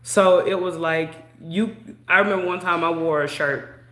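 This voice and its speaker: A young woman casually telling a personal story in a chatty, drawn-out way, peppered with "you know". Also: fairly low pitch, fairly bright tone. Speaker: vlogger. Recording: echoey room.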